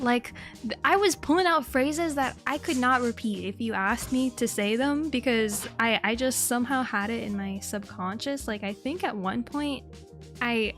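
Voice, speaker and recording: A young woman with a high voice chats casually on her VTuber stream. She giggles often and swears freely as she reads chat. Faint music plays behind her. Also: fairly bright tone. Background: faint background music.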